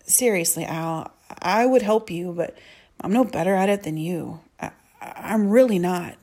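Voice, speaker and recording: A woman's voice: lowish voice, normal speed, mellow. A woman reading aloud, voicing a laid-back teenage boy who jokes with his younger sister, drawing out his phrases. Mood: apologetic. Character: teenage boy, easygoing joking older brother.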